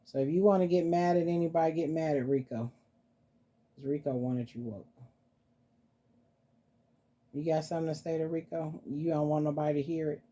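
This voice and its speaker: A woman hosting a casual vlog, talking softly and playfully to her dolls as if they were children. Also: low-pitched, normal speed, long pauses. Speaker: doll collector vlogger. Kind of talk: casual doll-play vlog.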